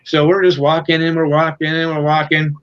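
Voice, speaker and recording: A man's voice: fairly high pitch, monotone, fairly quick, fairly bright tone, clear, resonant tone, highs cut off. A man guesting on an interview show, telling a profane, rambling tour story in a casual way, full of fillers. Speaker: guest musician.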